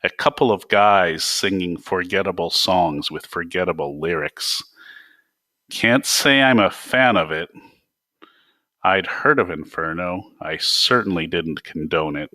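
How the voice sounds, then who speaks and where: A man's voice: low-pitched, slow pace, pushed and bright, no echo. A man reading his own novel aloud in a dry, wry first-person voice.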